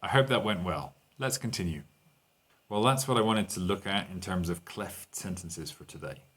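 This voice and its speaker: A man's voice: sits low, normal speed, fairly bright tone, slight background noise. A man teaching an online English lesson, walking learners through exercises and translating lines into Spanish.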